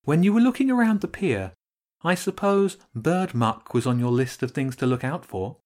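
A man voicing a stern, straight-faced female cat in a storybook reading, measured and severe. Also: fairly high pitch, expressive, darkish tone, voice pushed up, natural voice.

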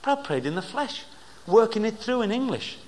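Male preacher with a high voice, emphatic and fervent, from hushed to loud. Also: very animated, a little fast, slight background noise. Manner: emphatic, keeps asking "right?". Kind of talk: sermon testimony.

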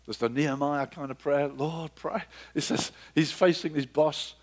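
Male preacher, higher than average pitch, animated, dramatizes scripture, sinks to a quiet murmur for emphasis. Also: normal speed. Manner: animated, acts out biblical dialogue with sudden pitch leaps; drops to a soft, low murmur for emphasis. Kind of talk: sermon.

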